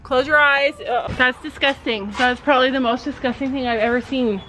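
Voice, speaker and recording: A woman vlogging casually to her viewers, chatty and animated as she talks straight to the camera from her backyard. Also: high voice, fairly quick, noisy background. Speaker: family vlogger. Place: outdoors in a backyard.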